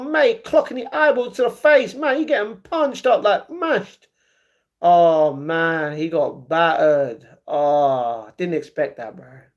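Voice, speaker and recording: High-voiced man on a chatty livestream. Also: highs cut off. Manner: reads viewers' chat aloud and argues back; excited ringside-style reactions to a fight he is watching. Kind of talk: casual livestream chat.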